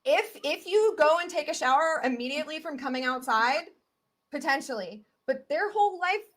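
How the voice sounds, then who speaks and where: Woman, Southern US accent, high voice, chatty, animated, filler-heavy, expert guest in casual interview. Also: moderate pace.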